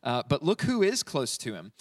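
A man's voice: medium pitch, huge pitch swings, moderate pace, no echo, distant mic. A man preaching through a psalm verse by verse in a conversational way, often checking in with "right?" between points. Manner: conversational, asks "right?" often, many fillers. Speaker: pastor. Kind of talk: teaching sermon on a psalm.

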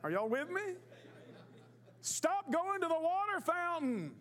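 A man's voice: very high voice, big pitch swings, slow pace, fairly bright tone. A man in his fifties, a pastor, preaching a sermon in a folksy storytelling way with emphatic repetition. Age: 50s.

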